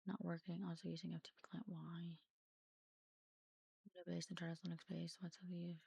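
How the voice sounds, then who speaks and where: A woman streamer reading forum posts aloud during a game stream, halting and mumbling at times. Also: fairly low pitch, monotone, creaky, mellow, slightly rough, dry recording.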